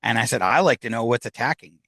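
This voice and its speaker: A man's voice: mid-range voice, expressive, fast, a bit bright, dry recording. Middle-aged American man, guest storyteller, ordinary mid-range voice, chatty and anecdotal, dry close recording. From United States. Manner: rambling anecdotal telling, acting out what others said. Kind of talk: casual storytelling.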